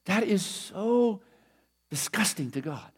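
Middle-aged male pastor, high voice, conversational and emphatic sermon delivery. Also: animated, slow pace, slightly rough. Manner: conversational, emphatic preaching with repeated phrases.

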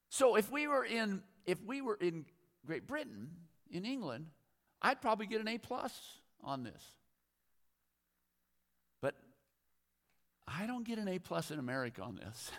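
A middle-aged male pastor preaching in a slightly higher-than-usual voice. His delivery is chatty and self-mocking, with laughs scattered through it. The sound carries a long reverb from the church sanctuary. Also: gravelly, fairly bright tone. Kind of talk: conversational sermon.

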